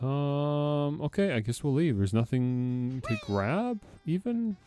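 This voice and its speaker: A man's voice: a little high, sing-song, slow, mellow, faint music behind. A man with a sore throat giving rambling, chatty let's-play commentary, laughing often. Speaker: streamer.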